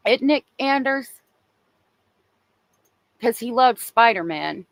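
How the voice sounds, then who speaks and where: A woman's voice: a little high, animated, slow pace, no room sound. A woman hosting a true crime livestream, talking casually and emotionally and answering viewers in the chat.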